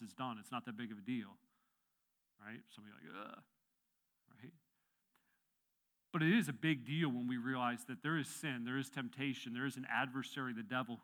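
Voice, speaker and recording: A man's voice: mid-range voice, sharp tone. A man giving a sermon as pastor, preaching emphatically and rising and falling on key phrases.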